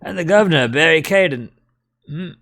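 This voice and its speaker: A man's voice: fairly high pitch, lively intonation, moderate pace, a bit bright, no room sound, voice pushed up. A man voicing a surly, dismissive male prison governor while reading a game aloud. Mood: brusque. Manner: gruff, dismissive.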